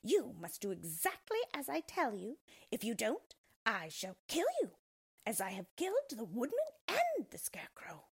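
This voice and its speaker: A woman voicing a spiteful wicked witch in a storybook reading, with a shrill, hissing voice. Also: huge pitch swings, normal speed, gravelly, husky, exaggerated voice. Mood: menacing.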